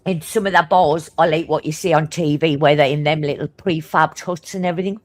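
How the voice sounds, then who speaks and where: A woman with a broad Geordie accent, blunt and swearing constantly as she tells animated stories in casual chat. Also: deep voice, dry recording. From Newcastle, England. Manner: talks fast.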